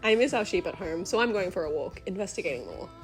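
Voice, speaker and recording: A woman narrating a travel vlog as a scripted voice-over, in a gentle, earnest, diary-like way. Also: lowish voice, very animated, fast talker, faint music behind.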